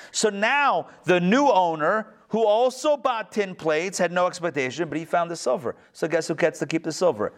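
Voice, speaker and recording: A man teaching an online Talmud lesson, animated, repeating phrases and asking rhetorical questions, acting out the quotes in the stories he tells. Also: fairly quick, few pauses. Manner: acts out story quotes in varied pitch. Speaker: rabbi teaching a class.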